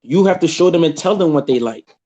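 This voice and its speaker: A man talking in a casual chat, animated and acting out other people's voices in his stories. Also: on the high side, fast talker. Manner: animated, acts out quoted voices. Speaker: podcast guest. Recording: dull lo-fi sound.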